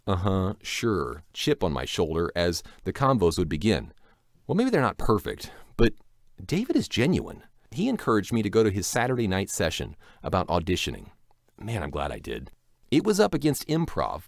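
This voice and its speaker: A man's voice: on the low side, vocal fry, dry recording, studio quality. A man working as a voice actor, narrating a chatty, self-deprecating recap of an event with rambling asides, recorded at his home setup. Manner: animated, playful delivery.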